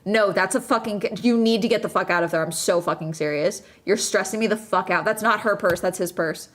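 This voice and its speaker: A woman's voice: medium pitch, brisk. Anxious, swearing woman streamer reacting. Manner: anxious, swearing, urgent pleading. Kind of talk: casual reaction chat.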